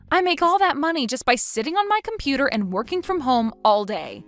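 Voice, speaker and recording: A woman's voice: a little high, sing-song, a little fast, hardly any pauses, fairly bright tone, soft background music. A woman reading a scripted text story aloud in a firm voice. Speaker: story narrator.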